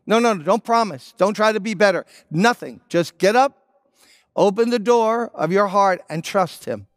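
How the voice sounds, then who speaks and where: An older man preaching a sermon as pastor, speaking earnestly and pleading directly with listeners, then leading them in a slow prayer. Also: high-pitched, no echo, clean studio sound. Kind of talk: sermon with altar-call prayer.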